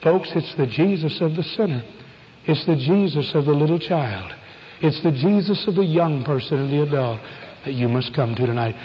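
A man preaching an evangelistic sermon, fervent and pleading, swinging from loud calls to hushed appeals. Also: on the high side, animated, moderate pace, in a large hall, lo-fi sound, a little hiss or hum.

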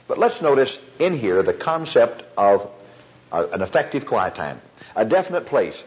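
Storytelling male preacher, lively pitch. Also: normal speed. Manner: storytelling preacher, acts out quoted voices. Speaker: pastor. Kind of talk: sermon. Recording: dull lo-fi recording.

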